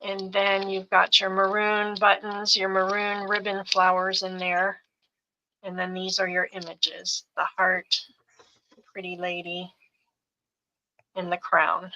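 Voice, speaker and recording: A middle-aged woman walks through craft bundles one item at a time, in no hurry. Her voice is bright and forward, and she lists each piece with a soft, unhurried cadence. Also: mid-range voice, monotone, highs cut off, a little hiss or hum. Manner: unhurried, listing items one by one. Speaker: seller showing craft bundles. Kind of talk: slow live sales show-and-tell.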